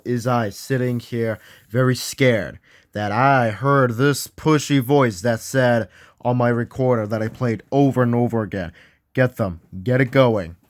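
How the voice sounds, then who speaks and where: A man hosting an acted ghost hunt, excitable and often yelling out names. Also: mid-range voice, no echo, studio quality.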